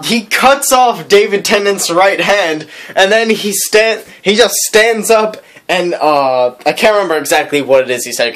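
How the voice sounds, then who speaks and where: A man vlogging in a rambling, excitable way, full of filler words. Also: high voice. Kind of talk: casual vlog chat.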